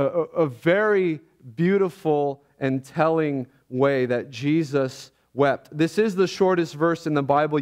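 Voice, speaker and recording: An earnest man preaching in church, his voice sitting a little higher than most men's. He speaks reflectively, often halting and restarting as he works through his thoughts. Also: a little mellow. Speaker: pastor. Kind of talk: sermon.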